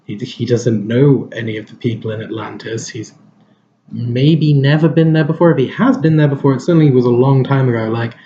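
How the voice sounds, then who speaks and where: A man's voice: mid-range voice, a little fast, mellow, dull audio, slight background noise. A man giving a casual film review, rambling and hesitant, with lots of fillers and restarts.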